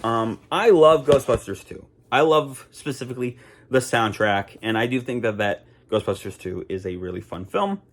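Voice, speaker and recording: A man's voice: medium pitch, normal speed. A young man talking casually to camera, chatty and rambling with fillers and restarts. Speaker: vlogger.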